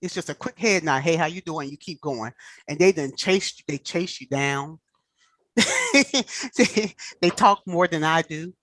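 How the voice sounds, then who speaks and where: A woman in casual chat, telling animated stories and acting out the people she quotes. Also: fairly low pitch, measured pace, no room sound.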